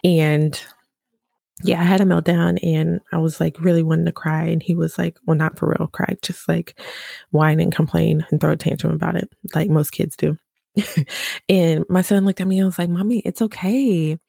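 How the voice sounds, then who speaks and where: A woman's voice: sits low, little pitch movement, moderate pace, creaky, dark tone, breathy edge, no room sound, clean studio sound. A young woman, a mother, chatting casually in a motivational vlog, laughing and telling a story with dramatic flair. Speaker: vlogger, mother.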